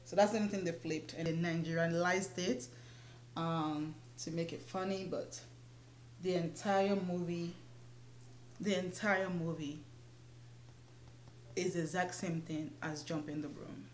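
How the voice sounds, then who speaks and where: A woman's voice: lowish voice, steady tone, unhurried, pauses often, echoey room, slight background noise. A young woman chatting casually while doing her makeup, laughing often. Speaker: beauty vlogger. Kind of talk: casual get-ready-with-me chat.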